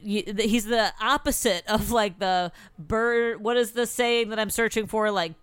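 A woman co-hosting a casual TV recap podcast, talking sarcastically and swearing, with quick mocking impressions of the characters. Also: medium pitch, fairly even intonation, clean tone, no room sound. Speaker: podcast co-host.

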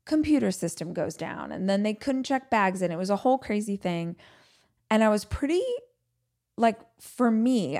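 Woman talking on her podcast, chatty, lots of "like", mid pitch, animated. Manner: chatty, animated storytelling with many "like"s. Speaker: podcast host. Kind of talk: casual solo podcast monologue.

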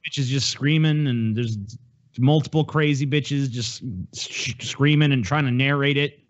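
A man's voice: medium pitch, steady tone, a little slow, lo-fi sound. A man co-hosting a podcast, talking in casual, crude and rambling banter with lots of swearing. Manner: profane, rambling, with restarts. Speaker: podcast co-host.

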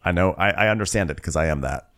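A co-host of a comedy podcast, recapping reality TV in a laid-back, deadpan way and putting on voices for quotes. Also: sits low, quick pace. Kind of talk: casual comedic recap chat.

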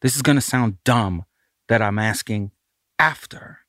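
A man's voice: fairly low pitch, measured pace, dry recording. A man, a record producer casually telling a studio story and acting out the voices of the people in it. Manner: animated, acts out the voices of others in his story.

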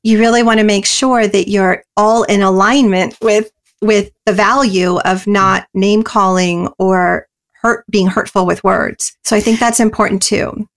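A woman guest in an interview, explaining parenting ideas earnestly and often pausing with "you know" and "um". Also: mid-range voice, fairly even intonation. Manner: earnest and explanatory, many you-knows and ums. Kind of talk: interview answers.

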